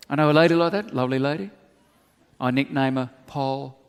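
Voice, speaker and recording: Australian pastor preaching with humor. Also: male voice, medium pitch, a little fast, a little hiss or hum. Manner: animated storyteller, humorous asides. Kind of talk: sermon. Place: church hall. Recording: long reverb of a church hall.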